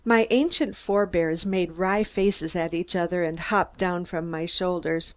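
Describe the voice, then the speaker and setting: Calm woman audiobook narrator from Minnesota. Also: lowish voice, a little slow. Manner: calm, even reading. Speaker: audiobook reader.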